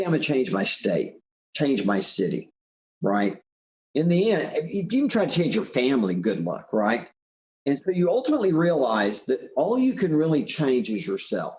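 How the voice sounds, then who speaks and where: A man gives a recorded motivational talk as an animated storyteller. His pitch rises and falls a lot, and he keeps checking in with "right?". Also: slight background noise. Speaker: speaker and author.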